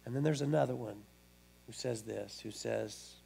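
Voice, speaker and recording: A man's voice: medium pitch, normal speed, creaky, mellow, slight background noise. A male pastor preaching a sermon in a conversational way, often restarting his words.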